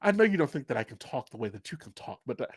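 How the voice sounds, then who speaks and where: A man imitating his mother putting on a proper, refined way of speaking, in a hushed, breathy voice. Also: mid-range voice, sing-song, racing. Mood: mock-proper.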